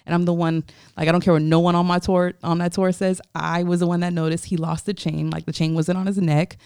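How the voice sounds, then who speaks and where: Young woman from Florida, interview guest: gravelly, smooth, animated storyteller, dry close mic. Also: fairly low pitch, a little fast, dry recording. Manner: animated, acts out quoted voices, many "like" fillers. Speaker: photographer guest.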